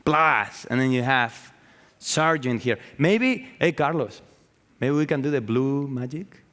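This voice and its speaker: A man with as his gives a live talk about his art, swearing freely and piling up fillers, false starts and repeated words. His voice sits at a middle pitch and carries a long reverb from a large event hall. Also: takes it slowly. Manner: profane, excitable, full of fillers and restarts. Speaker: artist giving a talk.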